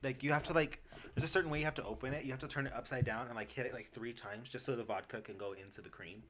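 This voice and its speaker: A man's voice: mid-range voice, very fast. Rambling young man, faint hiss. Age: young adult. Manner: rambling, animated, many "like" fillers. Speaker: podcast host. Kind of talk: casual chat.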